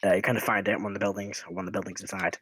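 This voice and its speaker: A man's voice: low voice, racing, husky. Easygoing man narrating as game master. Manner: relaxed and rambling, hums while he thinks.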